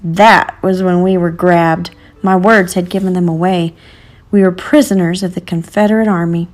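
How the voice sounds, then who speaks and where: A woman narrating a storybook in an earnest, measured reading. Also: on the low side, fairly even intonation, darkish tone.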